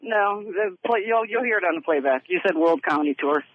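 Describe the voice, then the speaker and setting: A woman's voice: lowish voice, lively intonation, a little fast, dry recording, phone-quality sound. A woman from Texas calling in to a podcast by phone, brash, needling and profane. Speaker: caller. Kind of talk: call-in chat.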